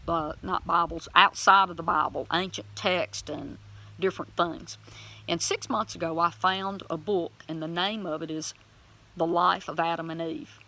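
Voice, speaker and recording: Bright-voiced woman telling a testimony. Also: on the low side, creaky. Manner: animated, acts out her own commands loudly; emotional, plain-spoken and folksy. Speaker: Christian vlogger sharing a testimony. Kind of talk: personal testimony storytelling.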